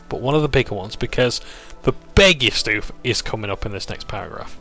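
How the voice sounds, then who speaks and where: A man's voice: fairly low pitch, animated, moderate pace, fairly bright tone, soft background music. A man casually recapping a tabletop campaign session, rambling and chuckling as he goes. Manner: rambling, chuckling, self-interrupting.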